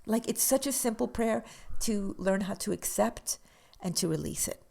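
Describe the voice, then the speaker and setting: A woman who works as a death doula, speaking slowly and reflectively in a casual podcast conversation, sometimes sinking into soft whispers. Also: mid-range voice, creaky.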